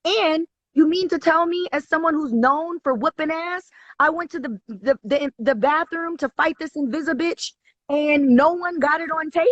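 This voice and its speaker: A woman's voice: high voice, moderate pace, no room sound. A woman guest in a casual chat, telling a story in a heated, profane, emphatic way over a live video call. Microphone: live online video call. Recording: dry, dull lo-fi stream audio.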